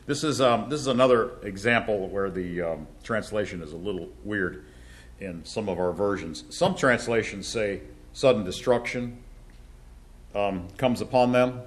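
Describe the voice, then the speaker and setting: A man teaching a Bible class, talking with many fillers and restarts and slowing down to stress key words. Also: fairly low pitch.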